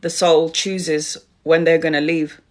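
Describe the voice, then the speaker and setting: A woman's voice: sits low, flat delivery, a little slow. A middle-aged woman, a tarot reader, giving a spiritual talk on a live stream, speaking straight to her viewers with emphatic repetition.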